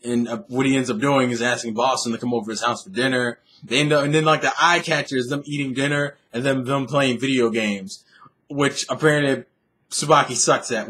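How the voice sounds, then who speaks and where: A man's voice: mid-range voice, sharp tone. A young man casually recapping an anime episode, rambling, swearing freely and laughing often. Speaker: anime reviewer.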